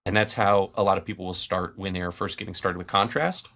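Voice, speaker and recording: A man's voice: sits low, fairly even intonation, a little fast, a bit bright. A man hosting a casual painting stream, patiently explaining a technique step by step. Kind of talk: casual instructional chat.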